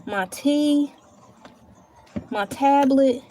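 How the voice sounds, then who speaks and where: There's slight background noise as a woman with a high, warm voice draws out her words in a casual home live stream. Chatty, she thanks viewers and mutters to herself as she searches and types at her table.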